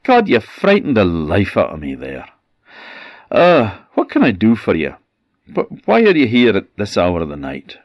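A man's voice: fairly low pitch, animated, quick pace, dry recording, muffled recording, voice pushed up. An Orcadian man doing a flustered, startled undertaker. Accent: Orcadian Scottish. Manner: flustered, stammering. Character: startled male village undertaker.

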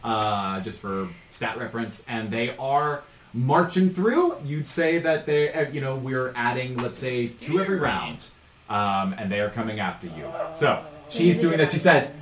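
A man's voice: medium pitch, expressive, unhurried, a bit bright. A man narrating as game master in a tabletop role-playing session, loose and full of fillers. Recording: echoey room, mic far off, faint noise.

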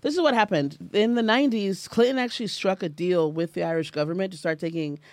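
Brief: American woman host, quick and salty storyteller, dry close sound. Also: fairly low pitch, no room sound. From United States. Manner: blunt and profane, fast storytelling. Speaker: podcast host. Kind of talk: casual chat.

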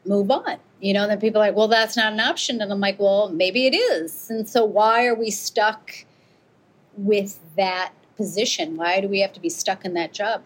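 Middle aged american lady telling stories in an interview, lively, plays out the back and forth. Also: mid-range voice, slightly rough, rough recording. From United States. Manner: animated, acts out quoted exchanges. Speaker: guest, avalanche rescuer and author. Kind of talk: storytelling interview.

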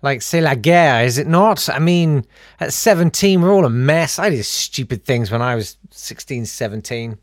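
A man's voice: mid-range voice, lively intonation, normal speed, hardly any pauses, no room sound, clean studio sound. A man hosting a solo podcast, telling stories in a rambling, wry way. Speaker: podcast host. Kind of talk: casual solo podcast monologue.

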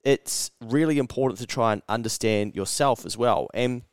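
A New Zealand man telling a story in loose, profane chat, switching into the voices of the people he quotes. His voice sits at a middle pitch. The sound is dry and close, with no room around it. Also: normal speed, clean tone, dry recording. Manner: animated storyteller, swears freely, acts out quoted voices. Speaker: podcast co-host. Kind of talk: casual chat.

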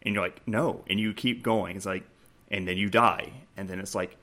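A man's voice: fairly low pitch, moderate pace. A man co-hosting a casual gaming podcast, retelling a game scene with lots of restarts and quoted prompts. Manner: animated storytelling, many restarts, acts out game prompts. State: choked up, laughing. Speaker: podcast co-host.

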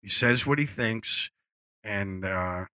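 Guy rambling on stage, lots of uh and you know, swears a bunch, lowish bright voice, dry sound. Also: takes it slowly, no room sound. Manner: rambling with many fillers and restarts; blunt, swears freely. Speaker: musician guest at a live Q&A. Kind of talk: casual storytelling on stage. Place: live event before an audience.

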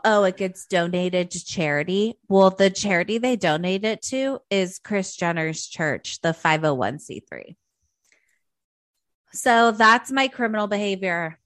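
A woman's voice: medium pitch, a bit bright, dry recording. Profane, gossipy woman on a dry mic. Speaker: podcast co-host. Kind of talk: casual chat.

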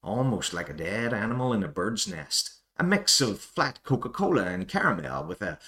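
A man's voice: fairly low pitch, sing-song, normal speed, sharp tone, heavily acted. A man doing a clumsy put-on North American accent, playing a fussy male wine connoisseur who reads out tasting notes in short, clipped phrases. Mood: sniffy, deadpan. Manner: dry tasting-note delivery in clipped phrases. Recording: roomy echo.

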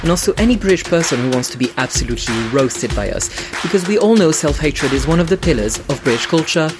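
A host from France runs a casual podcast, teasing and roasting with a cheeky edge. Their pitch sits mid-range, with music playing behind them. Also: animated, fast.

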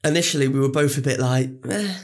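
A man's voice: medium pitch, moderate pace. A man co-hosting a casual film podcast, laughing often and trailing off mid-thought. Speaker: podcast co-host.

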